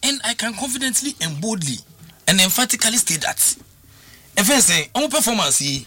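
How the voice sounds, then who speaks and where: A man's voice: high-pitched, big pitch swings, fairly quick, sharp tone, slightly rough. A man talking football as a pundit, emphatic and full of restarts and repeated words. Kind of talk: animated radio sports talk.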